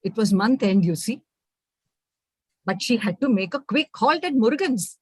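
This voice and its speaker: Expressive Indian woman storyteller. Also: a little high, slightly rough, dry recording. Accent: Indian English. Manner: expressive, measured narration. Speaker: teacher and storyteller. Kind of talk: storytelling performance.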